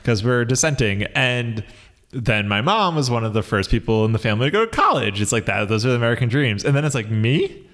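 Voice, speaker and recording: A man's voice: medium pitch, big pitch swings, fast, fairly bright tone. A young man, a comedy writer, co-hosting a podcast and chatting in a rambling, reflective way with lots of fillers. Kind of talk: casual comedic chat.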